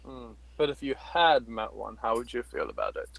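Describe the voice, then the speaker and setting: A man's voice: mid-range voice, sing-song, moderate pace, gravelly, a bit bright, no echo, rough recording. Hesitant man playing a tabletop game. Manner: polite, hesitant with fillers. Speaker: player. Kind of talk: in-character tabletop role-play.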